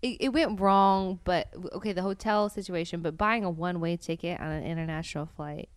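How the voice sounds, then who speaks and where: A woman's voice: lowish voice, fairly quick, smooth, no echo. A woman co-hosting a podcast in casual chat, teasing her friend and repeating words as she goes. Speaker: podcast co-host.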